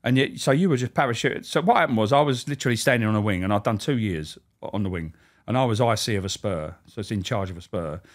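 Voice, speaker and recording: A former prison officer telling stories in a blunt, sweary, rambling way in a casual interview. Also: male voice, on the low side, lively intonation, fast talker.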